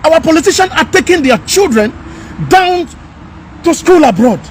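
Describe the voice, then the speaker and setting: A man's voice: very high voice, expressive, moderate pace, a little hiss or hum. A man delivering an emphatic, repetitive, scolding rant as a commentator. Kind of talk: impassioned rant.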